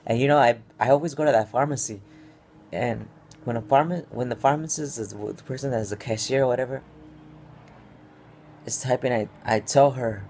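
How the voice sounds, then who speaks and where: A stressed, upset young vlogger tells his story in a casual personal vlog, rambling and restless with many fillers and restarts. His mid-range voice is fairly quick, creaky and mellow, with a little hiss or hum.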